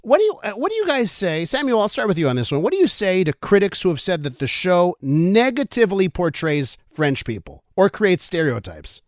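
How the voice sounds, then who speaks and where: A male radio host in a studio, his voice a little high and recorded dry and close. He is eager and self-deprecating, quick to laugh with his guests. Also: sing-song, no room sound. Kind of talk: radio interview.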